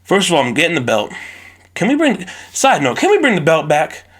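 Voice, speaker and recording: A man's voice: a little high, fairly quick. Man ranting on a phone-recorded podcast. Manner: animated, profane, ranting. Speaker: podcast host. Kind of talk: solo podcast rant.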